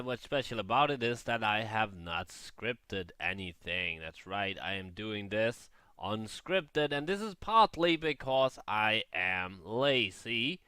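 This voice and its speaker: A man's voice: medium pitch, pushed and bright, smooth, no room sound. A man hosting his gaming show in an unscripted, rambling and self-mocking monologue, swearing casually. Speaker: gaming channel host.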